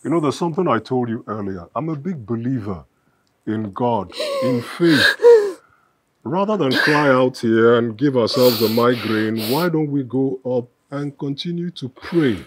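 A devout Nigerian husband gently pleading with his grieving wife in a film drama. His mid-pitched voice rises and falls a lot as he coaxes and reassures. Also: animated, a little slow.

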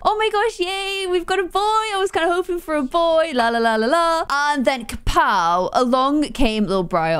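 A young woman narrating her game with a lively, bouncing voice that sits fairly high. She chats casually, exasperated and quick to exclaim at every mishap on screen. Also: smooth. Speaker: gaming YouTuber. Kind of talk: casual gameplay commentary.

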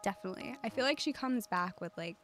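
A woman streaming a life-sim game, chatting casually with viewers in a calm, cozy way, giggling often and using lots of fillers. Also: medium pitch, fast talker. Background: faint game music.

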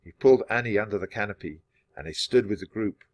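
A man reading a children's chapter book aloud in a clear, steady storytelling manner. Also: fairly low pitch, fast talker, dry recording, muffled recording. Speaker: storybook reader.

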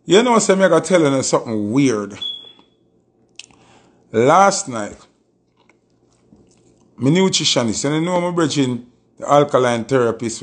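A man with a Jamaican Patois accent, talking casually on a live stream and telling a story with emphatic, repeated oaths. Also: mid-range voice.

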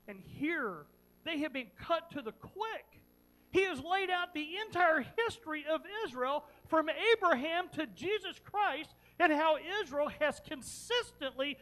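A pastor preaching a sermon, retelling a story dramatically with repeated phrases, moving between loud emphasis and quiet earnest questions. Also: mid-range voice, rough recording.

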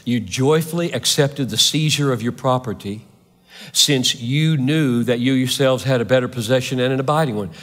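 A man with a mid-range, fairly bright voice preaches fervently at a moderate pace, hammering his points home with repeated rhetorical questions, all under long hall reverb.

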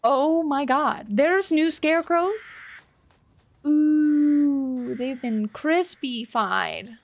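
A woman's voice: sits high, very slow. A woman streaming a horror game for the first time, reacting with startled curses and apologizing to the characters. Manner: jumpy, swears when startled, apologetic. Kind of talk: live gameplay commentary.

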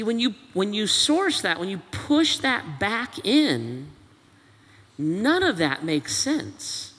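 High, bright-voiced preaching man. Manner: preaching with rhetorical questions and quoted voices, animated. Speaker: pastor. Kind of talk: sermon. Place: church auditorium. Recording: long church hall reverb.

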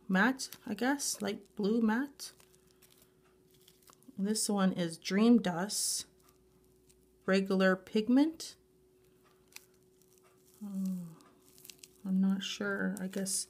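A woman vlogging as she unboxes a grab bag of nail supplies, gushing with breathless exclamations and repeating herself. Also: mid-range voice. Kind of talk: unboxing a grab bag, excited casual chat.

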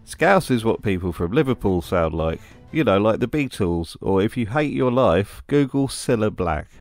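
A British man narrates a commentary video in a lowish voice, dry and mocking. Music plays faintly behind him. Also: animated, normal speed, no echo. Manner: wry, mocking asides. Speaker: video essay host. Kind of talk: scripted commentary.

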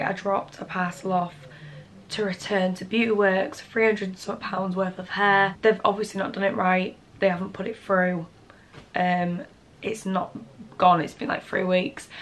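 With a mid-range, fairly bright voice, a twenty-something vlogger from the North of England chats rambling and casually to the camera, leaning on lots of fillers.

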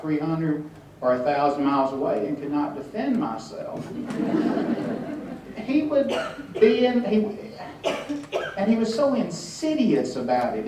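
A man tells wry, halting stories to an audience at a hotel event, full of restarts. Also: on the high side, a little mellow, a little hiss or hum. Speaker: author speaking at a tribute event. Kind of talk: storytelling talk to an audience. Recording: echoey room from far off.

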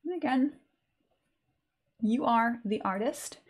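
A woman's voice: on the high side, expressive, takes it slowly, slightly rough. A woman teaching a live online sketching lesson in a chatty, informal way with many fillers. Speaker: art teacher.

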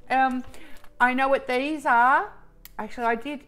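A woman's voice: high voice, steady tone, measured pace, fairly bright tone. A woman in a casual unboxing vlog who gushes with emotion and often breaks off in the middle of a sentence. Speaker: vlogger.

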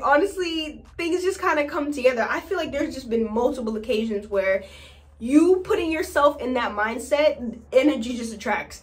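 Chatty animated young woman vlogger. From New York. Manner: chatty and animated, acts out quotes in high squeals. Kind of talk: casual storytelling vlog.

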